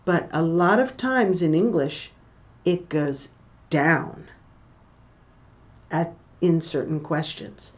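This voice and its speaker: Slow, deliberate woman reading an English lesson. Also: deep voice, animated, dull audio. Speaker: English teacher. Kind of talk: reading aloud and explaining a text.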